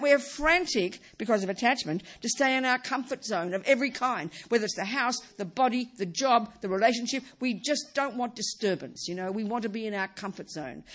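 Woman teaching Buddhism, lively swooping pitch, repeats herself, rhetorical questions. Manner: animated, repeats and restarts, asks rhetorical questions. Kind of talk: dharma talk.

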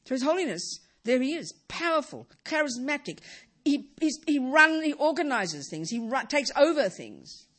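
A woman giving a Buddhist dharma talk, emphatic, often repeating words and restarting sentences, with phrases that fall low and soft at the end. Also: moderate pace. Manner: lively pitch, drops low and soft at phrase ends. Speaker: Buddhist teacher.

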